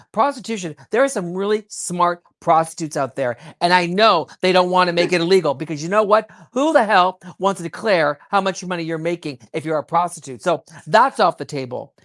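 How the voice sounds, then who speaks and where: A woman giving heated, rapid political commentary, worked up and emphatic, with frequent restarts. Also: lowish voice. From child of immigrants.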